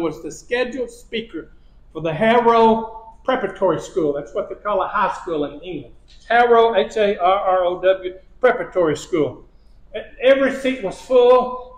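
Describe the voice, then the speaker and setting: Preacher, male, high-pitched, chuckling storyteller, roomy church sound. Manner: storytelling with repeated phrases and chuckles. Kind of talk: sermon lesson. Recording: echoey church hall.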